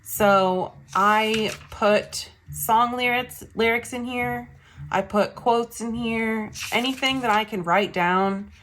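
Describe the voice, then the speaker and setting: A woman's voice: on the high side, takes it slowly, fairly bright tone, a little hiss or hum. A young woman vlogger chatting casually as she shows her journals and planners. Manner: chatty, says "y'all". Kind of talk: casual show-and-tell.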